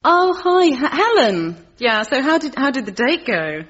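A woman's voice: high-pitched, very animated, measured pace, a bit bright, exaggerated voice. An actress playing an earnest, talkative middle-aged woman who minds a sulky teenage boy and speaks in a carefully formal way. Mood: chatty. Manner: prim, carefully formal phrasing. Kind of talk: sitcom acting. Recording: slightly muffled TV audio with faint crowd and noise.

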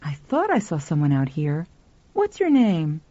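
A woman's voice: deep voice, huge pitch swings, a little slow, mellow, no echo, heavily acted. A woman voicing a curt, querulous older spinster in a storybook reading. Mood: stern. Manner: curt and prim. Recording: dull lo-fi.

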